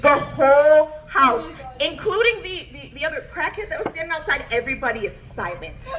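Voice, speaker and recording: A woman's voice: high voice, animated, a little fast, noisy background. A woman comedian telling a standup story, bubbly and laughing as she goes.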